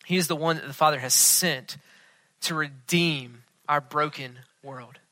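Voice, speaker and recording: A man preaching a sermon as pastor, earnest, often dropping to a hushed tone for emphasis. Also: fairly high pitch, unhurried, no echo.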